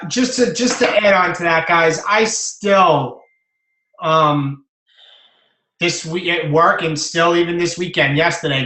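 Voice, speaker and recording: Guy running a team call, jokey and upbeat, sounds echoey like a big empty room. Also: a little high. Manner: animated, joking, supportive. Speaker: team leader hosting the call. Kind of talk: hosting a team conference call. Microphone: phone on a call.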